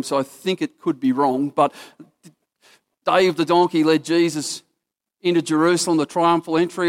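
A man's voice: on the high side, smooth. A man with an Australian accent preaching a casual, story-driven sermon that acts out what people in the story say.

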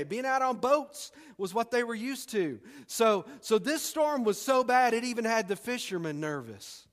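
A man preaching a sermon as pastor, emphatic, with dramatic pauses and repeated phrases. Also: high voice, fairly bright tone, big-room sound. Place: church sanctuary.

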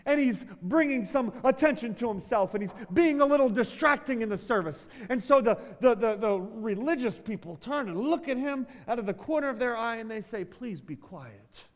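A male pastor delivering a sermon, moving between loud emphatic bursts and quiet, drawn-out phrases. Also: extremely high pitch, animated. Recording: long hall reverb.

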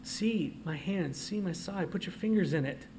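A man preaching a sermon as pastor. He moves from quiet asides to loud, emphatic declarations and reads scripture aloud. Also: sits high, normal speed, slight background noise.

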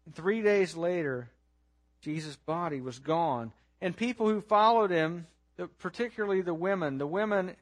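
High-voiced man preaching a dramatic sermon. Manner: dramatic, swings from hushed to loud; asks listeners to imagine the scene. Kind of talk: storytelling sermon.

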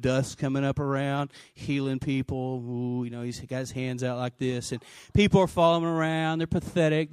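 Animated, high-voiced man preaching. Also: clear, resonant tone, no room sound. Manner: animated, acts out scenes with put-on voices; humorous and conversational with the congregation. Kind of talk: lively sermon.

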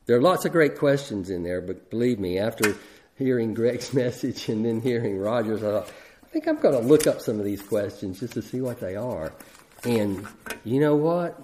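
A man's voice: medium pitch, expressive, moderate pace, darkish tone, a little hiss or hum. A middle-aged man preaching a sermon in a conversational way, often restarting his sentences. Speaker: pastor.

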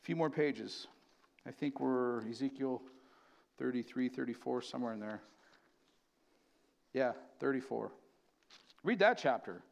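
A man preaching a sermon in a church, reading scripture slowly and building to loud, emphatic bursts. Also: mid-range voice, animated, creaky. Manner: slows to read scripture aloud. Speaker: pastor. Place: church sanctuary.

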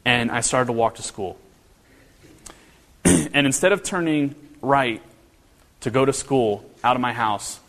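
A northern Kentucky pastor preaches at a measured pace, pausing often, his mid-range voice a little bright. He keeps things conversational with many rhetorical questions and restarts, and the hall adds a long reverb.

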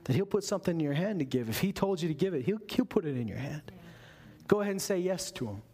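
A man with a high voice preaches a sermon. He talks to the room directly and leans hard on key phrases, like a pastor at the pulpit. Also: animated, fast, mellow. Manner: emphatic, conversational preaching.

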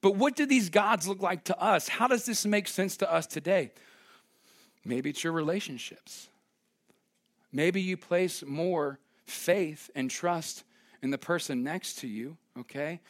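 A man's voice: sits high, unhurried. A young man preaching a sermon as pastor, conversational and emphatic, joking with his congregation.

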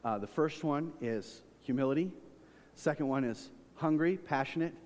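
A man's voice: normal speed, a little mellow. Man preaching in an echoing hall. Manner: preaching with big swings in volume and pitch. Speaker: pastor. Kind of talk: sermon.

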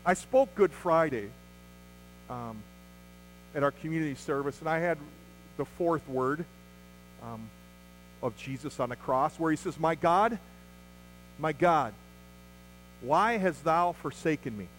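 A man's voice: a little high, expressive, measured pace, pauses often, a little hiss or hum, poor audio. A man preaching an Easter sermon as pastor, earnest, with rhetorical questions and acted-out quotes.

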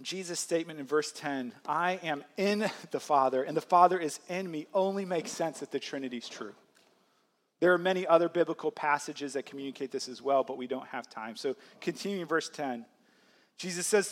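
A man's voice: on the high side, normal speed. A man preaching a sermon as pastor, in a conversational way, acting out quotes and laughing lightly as he teaches.

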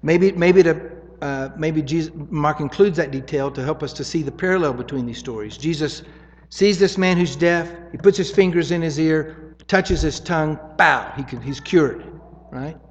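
A man's voice: a little high, normal speed, long reverb tail, muffled recording. A man preaching a sermon in an easy, conversational teaching way, often checking in with "right?".

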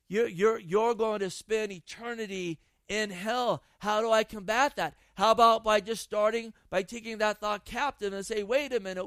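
A man's voice: high voice, fairly bright tone, dry recording. A man preaching a sermon, emphatic and repeating phrases for stress. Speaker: pastor.

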